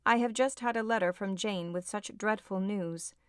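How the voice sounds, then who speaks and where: A woman's voice: medium pitch, normal speed, clear, resonant tone, no echo, lightly acted. A woman reading an audiobook voices a distraught young woman, agitated and close to tears. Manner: agitated, tearful pleading.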